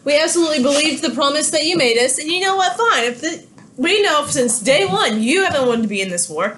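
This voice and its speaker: A woman's voice: high voice, animated, a little fast, fairly bright tone. A woman voicing Britain as an indignant, fed-up nation in a lecture. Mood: exasperated. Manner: exasperated, emphatic.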